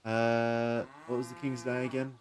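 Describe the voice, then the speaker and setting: A man's voice: medium pitch, monotone, a little slow. A man casually commenting on his game, musing aloud with many fillers. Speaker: streamer. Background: faint game music.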